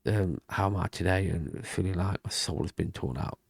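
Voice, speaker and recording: Quiet low-voiced man, gravelly diary talk. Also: moderate pace, dry recording. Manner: quiet, rambling, often half-whispered talk. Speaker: vlogger. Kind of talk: casual diary vlog. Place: home room with thin walls. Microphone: desk mic and webcam.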